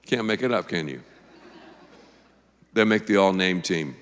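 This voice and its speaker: A man's voice: low-pitched, animated, measured pace, fairly bright tone. A man preaching a sermon as pastor in a church, emphatic and conversational, with punchy asides. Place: church auditorium. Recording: long reverb from the hall.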